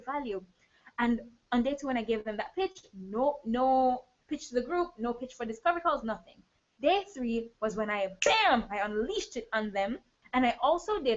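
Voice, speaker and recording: Energetic woman coach, higher voice, live online training, dull lo-fi stream audio. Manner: energetic, addresses viewers directly. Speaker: business coach.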